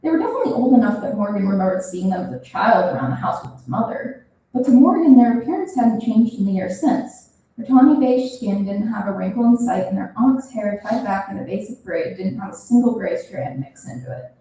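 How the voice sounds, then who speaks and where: A young woman reading her own fiction aloud at a reading event, expressive and animated. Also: medium pitch, a little fast. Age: young adult. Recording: roomy, from a distance.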